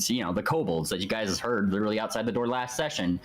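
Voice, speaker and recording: A man's voice: lowish voice, quick pace, hardly any pauses, faint music behind. Rambling male game master narrating. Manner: rambling, full of fillers and restarts.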